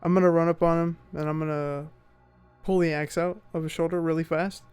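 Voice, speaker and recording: A man's voice: a little high, level tone, brisk, a little mellow, clear, resonant tone, faint music behind. A man playing a tabletop game, voicing his character with stern threats. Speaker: player.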